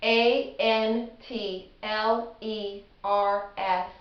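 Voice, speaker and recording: A middle-aged woman teaching a casual spelling lesson, chatty and self-deprecating, sounding words out slowly. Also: medium pitch, steady tone. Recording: echoey room, slightly dull audio.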